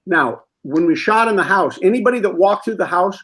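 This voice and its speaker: A man telling a comic anecdote as a talk-show guest, animated and acting out what people said. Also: high-pitched, fairly quick, hardly any pauses, poor audio. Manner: animated storyteller who acts out quotes.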